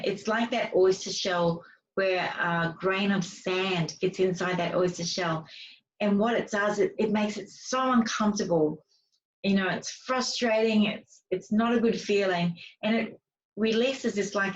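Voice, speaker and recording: A woman speaker and author telling stories in a casual, chatty way, with many fillers and restarts. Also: medium pitch. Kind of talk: casual interview storytelling. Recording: distant, dull lo-fi sound.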